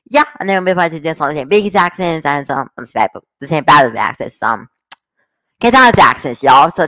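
Man, reaction vlogger, rambling, laughing, lively pitch, dry close sound. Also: no echo, low-quality recording. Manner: rambling, excitable, laughs often. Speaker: reaction video host. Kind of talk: casual reaction commentary.

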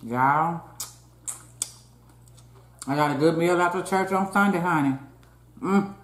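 A woman's voice: on the low side, slow pace. A woman hosting a casual eating show, talking between bites and keeping up a running chat with her viewers. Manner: chatty, keeps calling out to viewers, talks between bites. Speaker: mukbang host. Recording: roomy echo.

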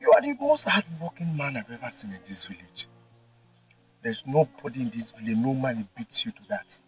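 A man's voice: medium pitch, sing-song, moderate pace, slightly rough. A young Nigerian man acting in a film drama as an earnest village son who pleads and repeats himself. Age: young adult. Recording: distant mic with faint music.

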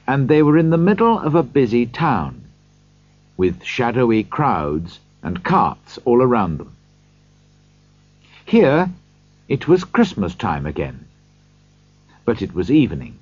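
Brief: male audiobook narrator, husky, dry close sound. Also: on the low side, no room sound. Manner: slow, expressive reading. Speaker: audiobook reader. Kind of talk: storybook narration. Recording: dull lo-fi recording.

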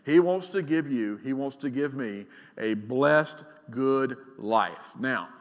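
A man's voice: medium pitch, animated, slow pace. Emphatic middle-aged male pastor preaching. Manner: emphatic, swings from loud to quiet, asks the congregation questions. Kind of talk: sermon. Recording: long reverb of a large church hall.

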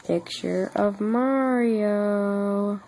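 A woman's voice: medium pitch, very slow, mellow, low-quality recording. A young woman vlogging late at night on her phone at home, exhausted, yawning and rambling in a drowsy way. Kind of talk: sleepy late-night chat to camera. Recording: faint background noise.

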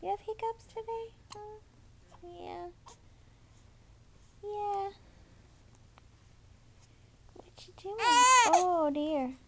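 Woman, mother, high slow baby talk, playful and cooing. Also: fairly even intonation, gravelly, mellow, slight background noise. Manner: sing-song, cooing, playful.

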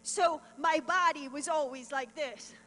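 In an echoing hall with a mains hum, a pastor's wife in middle age tells her testimony from the church stage. She sounds earnest and emotional, her high voice unhurried and a bit bright, as in a testimony sermon.

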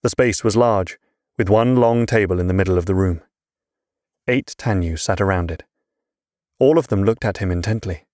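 A man narrating a fantasy audiobook in a measured reading style, slowing down for tense moments. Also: deep voice, darkish tone, no room sound, studio quality.

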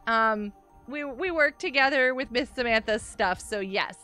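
A woman live-streaming a game, chatting excitably with viewers, greeting them by name and often laughing and gasping. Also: fairly high pitch, a little slow, faint music behind. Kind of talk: live-stream gameplay chat.

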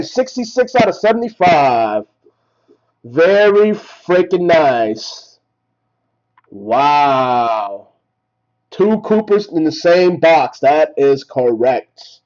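A man hosting a live card break, calling out each card and getting excited over big pulls. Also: on the high side, muffled recording. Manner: rattles off names, excited at big hits. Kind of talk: live card-opening commentary.

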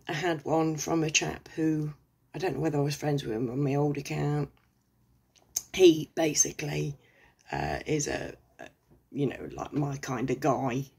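A middle-aged English woman with a low, husky voice rants casually and sarcastically, swearing freely and wandering off on tangents. Her tone is deep and breathy. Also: darkish tone. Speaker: vlogger. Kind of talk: casual rant to camera.

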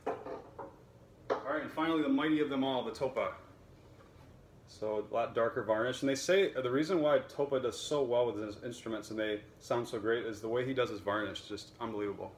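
Chatty man with a relaxed, rambling delivery. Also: medium pitch, a little fast. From United States. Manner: relaxed, chatty, many fillers. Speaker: violin teacher and seller. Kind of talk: casual talk to camera.

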